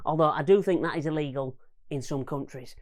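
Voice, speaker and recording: A comedian hosting a home-made comedy variety show, jokey and self-mocking. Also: male voice, on the high side, a little fast.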